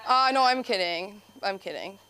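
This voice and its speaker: A woman's voice: mid-range voice, expressive, moderate pace, sharp tone. A woman comedian opening a stand-up show, talking in a rambling, self-interrupting way. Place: comedy club stage.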